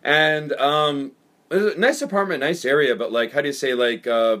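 A man's voice: fairly high pitch, normal speed, fairly bright tone. A man telling stories casually on a podcast, rambling with lots of fillers and swearing. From United States. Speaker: podcast storyteller. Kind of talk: casual storytelling.

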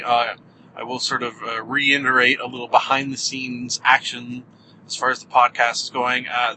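The recording is rough, with car engine and road hum as a man hosts his podcast alone while driving. His mid-range voice sounds pushed and bright, and his casual monologue is full of wry jokes at his own expense.

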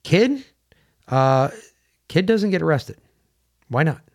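A man's voice: fairly high pitch, sing-song, slow pace. Blunt, emphatic podcast host man. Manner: blunt, emphatic, swears freely. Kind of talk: casual opinion chat.

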